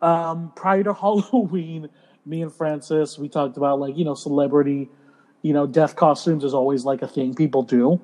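A man's voice: a little high, fairly even intonation, moderate pace, a little mellow, poor audio. A man co-hosting a podcast in casual chat, joking, laughing and swearing freely. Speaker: podcast co-host.

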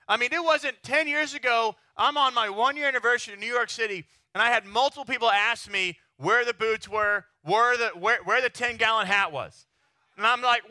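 A pastor from Texas preaching a sermon in a lively, chatty way, often checking in with his listeners. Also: very high-pitched, normal speed, dry recording, studio quality. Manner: animated, chatty, keeps asking the crowd "right?".

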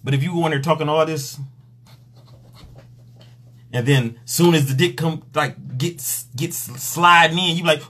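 Crude, joking man with a husky voice. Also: on the high side, moderate pace, pauses often, pushed and bright. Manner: crude, joking, acts out quotes. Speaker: live-stream host and sex coach. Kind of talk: casual live-stream chat.

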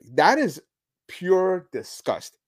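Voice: mid-range voice, very animated, very slow. A podcast host delivering opinionated solo commentary in a sarcastic, mocking way, with emphatic outbursts. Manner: sarcastic, mocking, chuckling asides.

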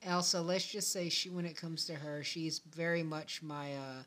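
A man hosting a podcast in casual chat, talking in a relaxed, rambling way with many restarts. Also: a little high, normal speed. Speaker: podcast host.

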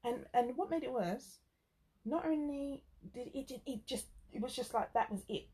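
A woman's voice: sits high, moderate pace, dark tone. A woman tells a frank, exasperated story in casual chat with a friend.

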